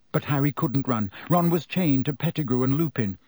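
A man narrates an audiobook in a measured, steady way. His voice sits at a middle pitch. The recording is close and dry. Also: husky, dry recording. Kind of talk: scripted narration.

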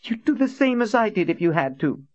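A man voicing a scheming, jealous young woman who speaks in a shrill, accusing way, heard on a dull, lo-fi recording. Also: sing-song, a little fast. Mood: defiant.

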